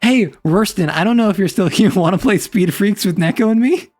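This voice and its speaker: A woman's voice: mid-range voice, fairly quick, a little mellow. A woman streamer chatting casually and playfully with her chat, laughing often. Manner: playful, giggly, teasing.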